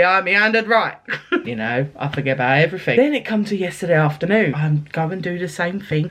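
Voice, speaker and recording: Animated woman vlogging. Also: mid-range voice. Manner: chatty, rambling, laughs and swears while telling stories. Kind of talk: casual storytime vlog.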